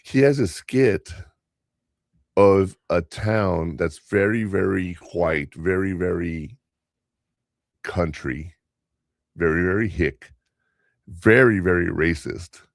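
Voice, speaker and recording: A man's voice: deep voice, creaky, no room sound, studio quality. An older man, a comedian hosting a podcast, telling rambling stories in casual chat. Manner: rambling storyteller, quick asides. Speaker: podcast host and stand-up comedian.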